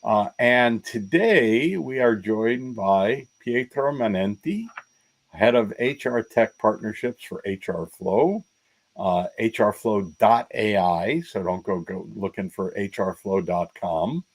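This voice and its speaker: A man's voice: fairly low pitch, takes it slowly, poor audio. An American man co-hosting a podcast, introducing a guest in a wry, chatty way. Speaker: podcast co-host. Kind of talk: podcast chat.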